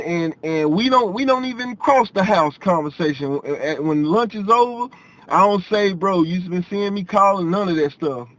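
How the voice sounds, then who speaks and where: High-voiced man telling a story. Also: rough recording. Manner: animated, repeats himself, quotes others in dialogue. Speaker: vlogger telling a personal story. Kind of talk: casual storytelling to camera.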